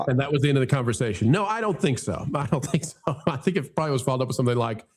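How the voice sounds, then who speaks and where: Male podcast host, lively swooping pitch, casual news commentary, reads quotes aloud. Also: fast talker, few pauses, slightly rough.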